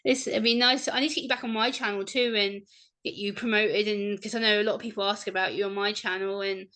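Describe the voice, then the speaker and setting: A woman guest on a casual podcast, talking with warm, gushing enthusiasm. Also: mid-range voice, steady tone, fast talker.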